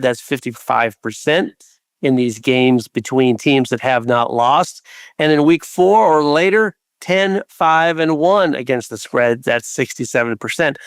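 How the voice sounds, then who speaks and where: Smooth-voiced man reading betting stats. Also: mid-range voice, no room sound. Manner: brisk, numbers-heavy delivery with filler uhs. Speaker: podcast co-host.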